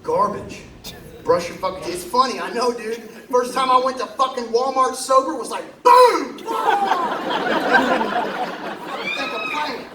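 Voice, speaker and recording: A man on a concert stage, telling a story in a profane, self-mocking and animated way. He is heard from a distance in an echoey hall. The audience sits all around him. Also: very high-pitched, normal speed, background noise. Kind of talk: live storytelling monologue. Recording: echoey live hall, distant mic, crowd.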